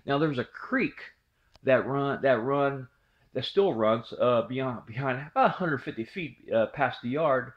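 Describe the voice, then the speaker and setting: A man's voice: medium pitch, lively intonation, a little slow. Man, middle-aged, rambling storyteller, repeats himself, dull lo-fi sound. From southwest Ohio. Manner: rambling, repeats words, restarts. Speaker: channel host telling a memory. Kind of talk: casual storytelling.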